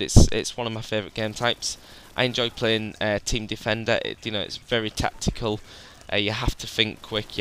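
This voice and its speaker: Bright, crisp gaming host. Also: male voice, on the low side. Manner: chatty, rambling, says "guys" often. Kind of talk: gameplay voice-over commentary.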